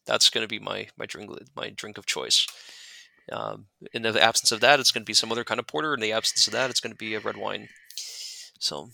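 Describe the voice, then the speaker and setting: A man's voice: fairly low pitch, steady tone, a little fast, creaky, pushed and bright, dry recording. A man in casual interview chat about gliding, rambling with many fillers and restarts. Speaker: guest glider pilot.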